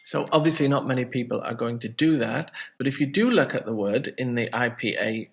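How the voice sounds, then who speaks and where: A man's voice: mid-range voice, animated, fairly quick, gravelly, a little hiss or hum. A man teaching an English lesson in a chatty, friendly way, with joking asides. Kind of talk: casual video lesson.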